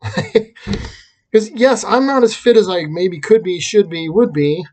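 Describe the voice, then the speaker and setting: A man's voice: high-pitched, expressive, takes it slowly, darkish tone. A man talking through a reflective personal vlog, rambling and self-deprecating, with frequent restarts. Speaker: vlogger and teacher.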